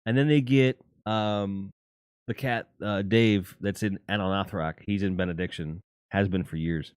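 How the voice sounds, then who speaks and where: A man's voice: low voice, fairly even intonation, unhurried, clean tone, dry recording, studio quality. A man hosting a casual, rambling and jokey chat about music. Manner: rambling and jokey, with lots of fillers and laughs. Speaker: host.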